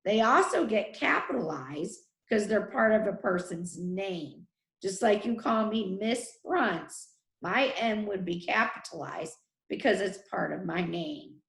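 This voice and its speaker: A woman teacher leading a spelling lesson for children, sounding out letters and syllables slowly and deliberately. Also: mid-range voice, expressive, creaky, a bit bright, reverberant.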